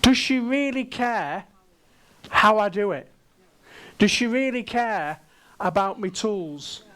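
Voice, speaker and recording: A high-pitched man speaks slowly and deliberately from a conference stage. He keeps drawing the audience in with playful questions, unhurried and teasing. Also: lively intonation, fairly bright tone. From England. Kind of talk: interactive keynote talk.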